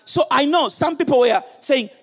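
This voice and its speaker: A middle-aged male pastor preaching an impassioned sermon, shouting some lines and dropping low and quiet on others. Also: animated, normal speed, long reverb tail.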